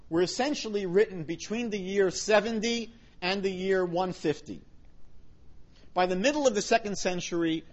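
Man, lecturing, emphatic and wry, lively swooping pitch, dull lo-fi recording. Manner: animated, emphatic, wry asides. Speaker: lecturer on religion. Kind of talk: public lecture.

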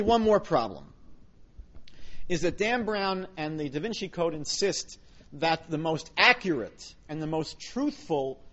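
A man's voice: high-pitched, lo-fi sound. A man giving a public lecture on religion, emphatic, with wry asides.

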